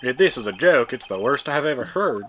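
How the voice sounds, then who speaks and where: A man's voice: mid-range voice, expressive, brisk, fairly bright tone, slight background noise, lightly acted. A man voicing a swaggering cowboy-style male police officer in a put-on country drawl over game music. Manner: drawling, folksy.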